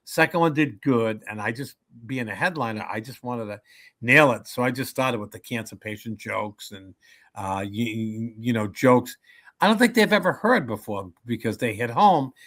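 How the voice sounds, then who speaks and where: Energetic older comedian man. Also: mid-range voice, moderate pace. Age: 70s. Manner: animated joke-telling, acts out voices. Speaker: comedian guest. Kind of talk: casual interview storytelling.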